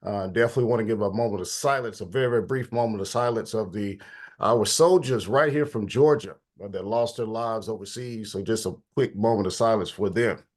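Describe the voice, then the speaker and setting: A man hosts a policy talk in a relaxed, conversational way. His voice is a bit stuffy and congested, and he greets attendees by name as they come in. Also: on the low side, brisk. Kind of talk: casual online meeting hosting.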